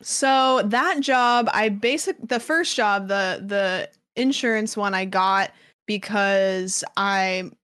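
A woman's voice: mid-range voice, slow pace, a bit bright, smooth, no echo. A young woman, a guest in a casual interview, telling stories in a chatty way with lots of filler words. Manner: chatty, lots of "like" fillers, acts out quoted voices.

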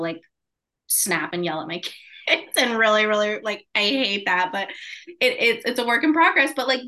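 Woman podcast host, casual and chatty, bright and forceful tone. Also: mid-range voice. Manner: chatty, peppered with "like" and laughs.

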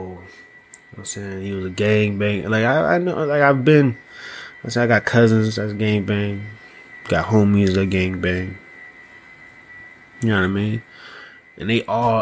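A man hosting a solo podcast, talking slowly and loosely, often asking "you know what I mean". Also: on the low side, fairly even intonation, slight background noise. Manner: slow, thoughtful delivery with small laughs. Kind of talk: casual solo podcast monologue.

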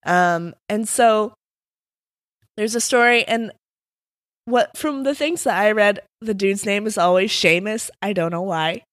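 A woman co-hosting a podcast, sleepily retelling folk tales and padding them with fillers. Her voice sits at an ordinary pitch for a woman, and the recording is dry and close. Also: a little slow, a bit bright, no echo. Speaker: podcast co-host. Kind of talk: casual storytelling chat.

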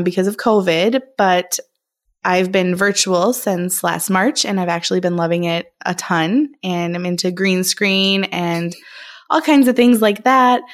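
A woman with a Minnesotan accent from Minnesota, co-hosting a podcast in playful, teasing casual chat. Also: medium pitch. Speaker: podcast co-host.

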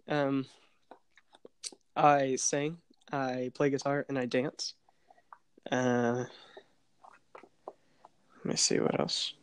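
Young man telling a story, laughing. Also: medium pitch. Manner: animated, laughing, acts out voices in his stories. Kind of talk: casual storytelling chat.

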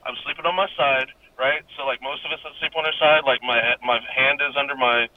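A man's voice: medium pitch, fairly even intonation, quick pace. A young adult man calling in to tell a personal ghost story, rambling and swearing casually, laughing often. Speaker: caller. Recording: muffled phone-line call with faint hiss.

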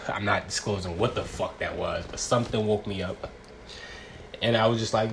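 A man's voice: fairly low pitch, moderate pace, slight background noise. A young man hosting a casual solo podcast, talking in a profane, rambling, slang-heavy way. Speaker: podcast host.

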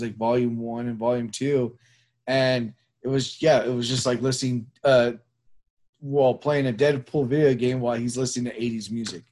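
A man's voice: medium pitch, darkish tone. Rambling man hosting a casual chat show. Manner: rambling, with many fillers and restarts. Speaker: show host.

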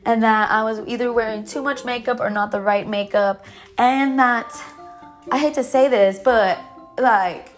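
A woman with a fairly high voice tells her own story in a loose, rambling storytime style, leaning on fillers and self-corrections as she goes. Soft music plays faintly behind her. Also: fairly even intonation, unhurried. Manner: emotional, breaks into laughs. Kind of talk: casual storytime monologue.

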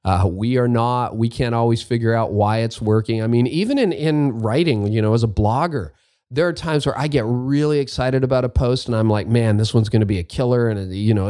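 A man's voice: mid-range voice, a little mellow, dry recording, studio quality. A middle-aged man from Canada hosting a podcast, answering listener questions in a candid, self-deprecating way and repeating his key points. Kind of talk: casual advice talk.

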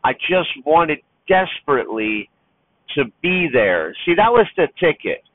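A man's voice: on the high side, big pitch swings, a little slow, no room sound. A man who drives trucks talks heartfelt and near tears about being a father, rambling with restarts. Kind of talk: personal vlog monologue. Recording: tinny phone-like sound.

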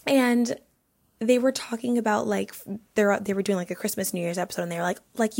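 A woman's voice: mid-range voice, steady tone, a little fast, gravelly, a little mellow. A young woman in her twenties hosting a casual solo podcast, chatty and filling her talk with "like". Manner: chatty, heavy use of "like". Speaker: podcast host.

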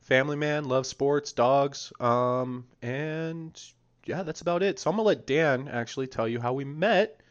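Laid-back swearing young man, smooth voice. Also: mid-range voice, unhurried, muffled recording. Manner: laid-back, swears freely, rambling storyteller. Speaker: podcast co-host. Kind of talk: casual chat.

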